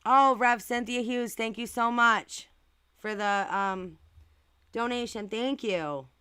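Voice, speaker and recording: Outspoken woman with a bright, crisp voice. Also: on the high side, slow, no room sound. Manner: outspoken, indignant, swears and asks rhetorical questions. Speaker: channel host reading viewer comments. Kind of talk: casual livestream commentary.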